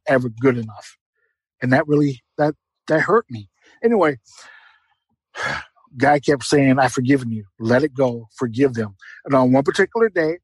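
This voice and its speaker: A man's voice: mid-range voice, slightly rough, no room sound, low-quality recording. A middle-aged man giving an earnest, heartfelt personal testimony as an interview guest, repeating phrases for emphasis.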